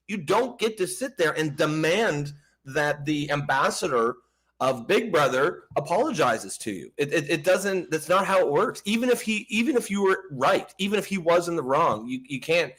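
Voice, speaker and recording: Man, podcast host, casual political rant, profane, stammering, slightly high pitch. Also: fairly bright tone. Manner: profane, stammering, laughs often.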